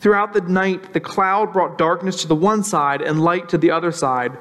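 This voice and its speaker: A man preaching a sermon in a conversational way, slowing down to stress key lines and briefly acting out anxious voices. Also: high-pitched, a bit bright. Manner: conversational, acts out worried voices, slows for emphasis. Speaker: pastor.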